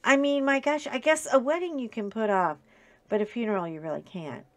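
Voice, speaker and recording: A woman's voice: a little high, fairly quick, no room sound. A middle-aged woman chatting casually to her webcam at home, rambling with lots of fillers and restarts. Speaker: vlogger coloring and chatting. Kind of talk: casual chat to camera. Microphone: webcam at desk with ring light.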